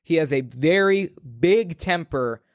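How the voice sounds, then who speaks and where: A man's voice: a little high, expressive, measured pace, dry recording, clean studio sound. A man hosting a podcast and telling stories in casual chat, rambling with many fillers. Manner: rambling, filler-heavy storytelling. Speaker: podcast host.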